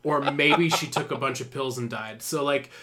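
A man's voice: medium pitch, normal speed, background noise. A young man hosting a podcast in casual chat, telling rambling stories with frequent laughs and fillers. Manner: laughs often, loose storytelling with many fillers. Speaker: podcast host.

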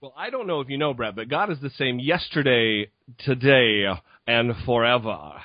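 A man's voice: medium pitch, expressive, normal speed, dry recording, highs cut off. A man hosting a podcast in a casual chat, sarcastic and profane. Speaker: podcast host.

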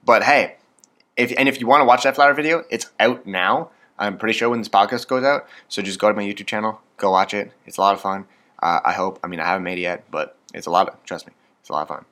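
A man's voice: lowish voice, fast talker, bright, forceful tone. A man in his twenties with a Canadian accent, hosting a casual solo podcast, rambling and self-deprecating with lots of fillers. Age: 20s. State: hyped up on coffee. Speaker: podcast host.

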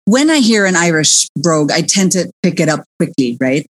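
A woman hosting a casual chat, joking and animated, dropping in Tagalog words. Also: on the low side, moderate pace, dry recording. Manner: lively, joking, mixes in Tagalog.

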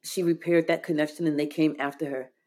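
A woman as an interview guest, telling a deeply personal story in an earnest, heartfelt way, with frequent "like" fillers. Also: level tone, brisk, mellow. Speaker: podcast guest.

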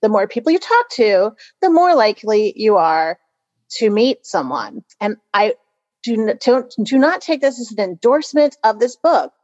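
A woman co-host chatting candidly and swearing freely as she tells a story. Her voice sits a little high, and the sound is dry and slightly dull. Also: very animated, normal speed, darkish tone, dry recording. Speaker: podcast co-host. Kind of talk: casual chat.

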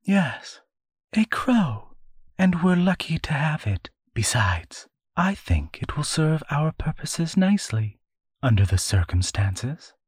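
Man putting on a high-pitched witch woman, sharp-tongued, slow, husky, dry sound. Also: sing-song, no echo, heavily acted. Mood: wry. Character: shrill middle witch sister, sharp-tongued.

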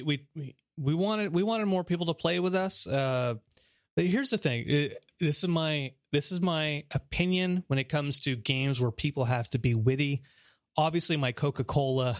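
A middle-aged man co-hosting a podcast, chatting casually and telling an animated story with frequent laughter. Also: no echo, studio quality. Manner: animated storyteller, laughs often, mimics high voices. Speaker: podcast co-host. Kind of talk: casual chat.

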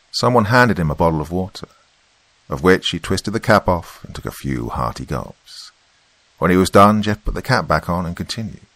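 A man's voice: low voice, lively intonation, moderate pace, fairly bright tone, dry recording. A man narrating a first-person story in a wry, matter-of-fact way.

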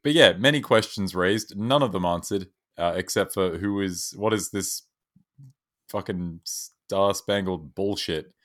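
A man's voice: sits low, measured pace, a bit bright. A man co-hosting a podcast in casual chat, sarcastic and swearing, often laughing at his own jokes. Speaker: podcast co-host.

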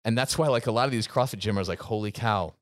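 A man's voice: on the low side, fast talker, no echo, clean studio sound. A man co-hosting a podcast, talking earnestly and emphatically about coaching gym owners, often repeating himself. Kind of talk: casual podcast chat.

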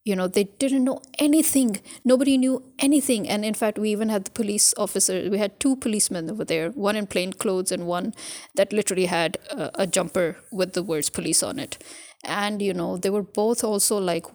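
Exasperated woman with gravelly voice. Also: mid-range voice, fairly quick, a little mellow. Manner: exasperated, indignant retelling. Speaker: voter recounting election day. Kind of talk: casual storytelling to camera.

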